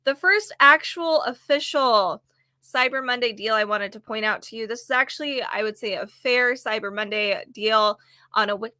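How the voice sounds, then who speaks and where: A woman's voice: a little high, moderate pace, sharp tone, no room sound. A woman casually showing sale items on camera from her home office, chatty and rambling, her voice a little worn. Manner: chatty, rambling, self-deprecating. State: slightly losing her voice. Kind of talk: casual product vlog. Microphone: desk microphone on camera.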